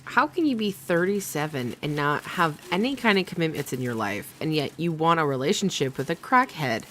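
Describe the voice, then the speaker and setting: A woman's voice: sits low, very animated, fairly quick, fairly bright tone, a little hiss or hum. A young adult woman hosting a casual commentary livestream, chatty and profane with laughing asides. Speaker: livestream host.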